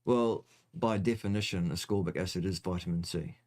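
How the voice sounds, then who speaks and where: A man with a fairly low voice hosting a loose question-and-answer session. He teases his co-host and answers in a dry, joking way. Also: normal speed, darkish tone. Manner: dry, teasing, jokey. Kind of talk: casual livestream chat.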